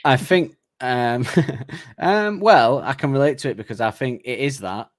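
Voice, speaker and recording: A man's voice: medium pitch, expressive, measured pace, dry recording, clean studio sound. A man co-hosting a casual music podcast, rambling through his thoughts with plenty of laughs and restarts. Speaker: podcast co-host. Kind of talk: casual chat.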